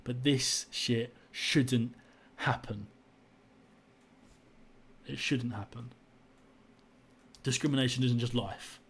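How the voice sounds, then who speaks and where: A man's voice: mid-range voice, steady tone, slow, pauses often, a bit bright, breathy edge. A young man tells his own story in a frustrated, indignant way, often repeating himself. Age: young adult. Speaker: vlogger. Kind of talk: personal story to camera.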